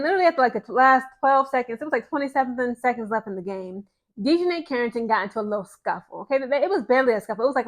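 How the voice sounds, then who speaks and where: A woman ranting in casual sports commentary to her viewers, sarcastic and exasperated. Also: a little high. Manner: mocks others in put-on voices.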